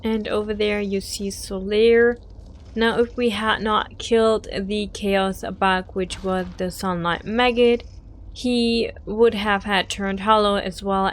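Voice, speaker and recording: A woman hosting a game walkthrough, giving chatty, emotional gameplay commentary. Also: mid-range voice.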